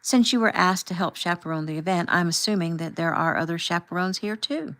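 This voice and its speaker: A woman voicing a calm, firm husband and father who asks measured, pointed questions as he confronts a chaperone in an audiobook. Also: high-pitched, poor audio. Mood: polite probing.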